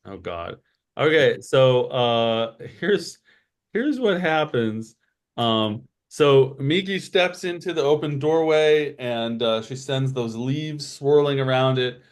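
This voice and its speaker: Male game master, relaxed slow delivery, rambling narration. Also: mid-range voice, smooth. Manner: unhurried, full of fillers. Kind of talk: running a tabletop game.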